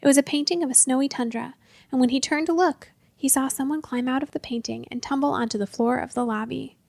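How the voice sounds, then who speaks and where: High gravelly-voiced woman storyteller. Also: fast talker, a little mellow, no room sound. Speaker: narrator. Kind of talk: audiobook story reading.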